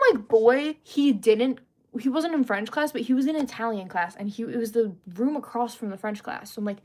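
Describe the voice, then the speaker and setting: A young woman tells a long story on a casual livestream. Her voice sits a little high, and her delivery is animated and chatty. She keeps breaking off to greet her viewers. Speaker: livestream host.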